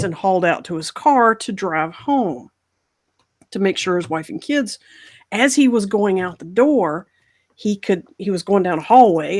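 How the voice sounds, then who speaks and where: Woman host, casual storyteller, lively, mid-pitched, slips into characters' voices. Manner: animated, acts out voices in the story. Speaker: podcast host.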